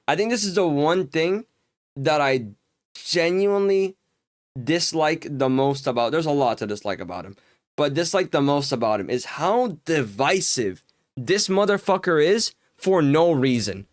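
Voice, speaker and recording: Young man, streamer, heated profane rant, highish voice, dry close sound. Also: lively intonation, unhurried, no room sound. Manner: heated, profane ranting with many fillers. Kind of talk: casual chat while gaming.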